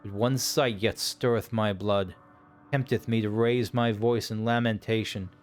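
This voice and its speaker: Sorrowful, ancient ghost dragons in a fantasy game, speaking in slow and solemn archaic verse, as a man reads them aloud. The tone stays grave and weary, and soft game music plays faintly behind. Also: lowish voice, fairly even intonation, natural voice. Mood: stoic.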